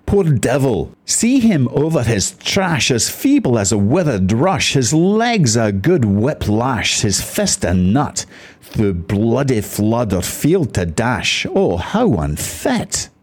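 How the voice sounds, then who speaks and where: A Scottish man hosting a show, chatting in a friendly, lightly humorous way and reading a poem aloud. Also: medium pitch. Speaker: host.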